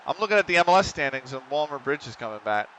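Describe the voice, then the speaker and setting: A man calling a football management game live on stream, excitable and quick to swear. He talks straight to the players on screen. His voice sounds bright and forceful. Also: a little high, slight background noise.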